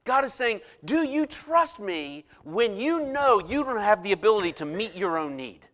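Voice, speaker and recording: A middle-aged man preaching a sermon, telling a personal story with animated, rising emphasis. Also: high voice, moderate pace. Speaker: pastor.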